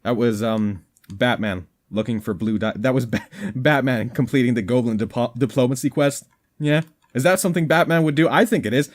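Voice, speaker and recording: A man's voice: mid-range voice, brisk. A man giving goofy, rambling commentary over a game, with a slightly worn voice. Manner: goofy, rambling, jokey asides. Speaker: gaming commentator.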